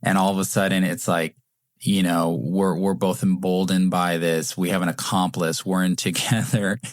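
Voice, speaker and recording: A man's voice: low-pitched, little pitch movement, moderate pace, no echo, clean studio sound. A man co-hosting a podcast, rambling through a casual story with lots of fillers and restarts. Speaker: podcast co-host.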